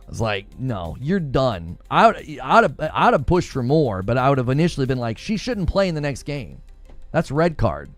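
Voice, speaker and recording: A middle-aged man hosting a gaming podcast, telling a story in casual chat, heated and animated, restarting sentences often. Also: medium pitch, brisk, no echo, faint music behind. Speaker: podcast host.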